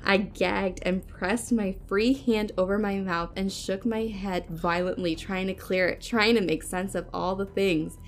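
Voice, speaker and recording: A woman podcast host reading a spooky story aloud in a hushed, suspenseful way. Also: medium pitch, steady tone, unhurried, hardly any pauses, a little hiss or hum.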